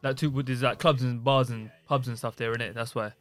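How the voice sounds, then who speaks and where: A man from Watford, teasing and firing off quick quips in a casual podcast chat. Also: medium pitch, fairly even intonation, fairly bright tone, dry recording. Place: podcast studio.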